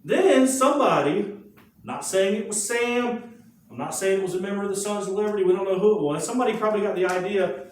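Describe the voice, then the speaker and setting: A man's voice: high voice, normal speed. Echoey male teacher telling history from far off. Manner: lively storytelling with rhetorical questions and asides. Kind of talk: classroom lecture. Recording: very echoey room, mic far off.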